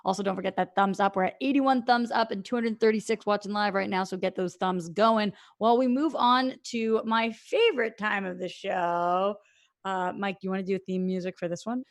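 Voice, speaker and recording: Woman, live-stream host, upbeat, mid-pitched, rallies the audience. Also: normal speed. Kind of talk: live-stream show hosting.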